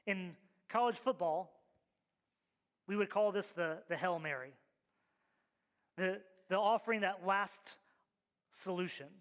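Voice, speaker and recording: A man's voice: sits high, a little slow, pauses often, fairly bright tone. A male pastor preaching a sermon, with emphatic, rhythmic repeated refrains, in a church sanctuary. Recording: long reverb of a large hall.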